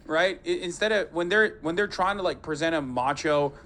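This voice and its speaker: A man with a high-pitched voice talks fast and loose on a live stream. He swears freely and keeps things animated as he reacts to clips. His delivery is casual and mocking. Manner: profane, animated, mocks voices.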